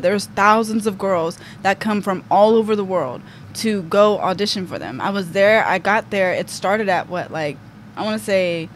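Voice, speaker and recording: A young woman guest on a podcast, telling a story casually with lots of "like" and "um". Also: mid-range voice. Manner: chatty, full of fillers like "like" and "um". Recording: faint background noise.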